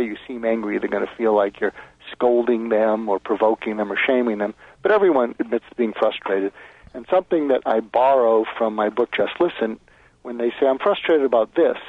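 Gravelly man on a tinny phone line. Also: medium pitch, dry recording. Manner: explains step by step, acts out sample lines. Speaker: guest author. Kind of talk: advice interview.

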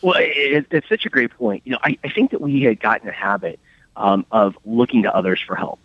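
A man speaking as a radio interview guest, upbeat but halting with many restarts. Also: mid-range voice, no room sound, highs cut off. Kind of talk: casual interview talk.

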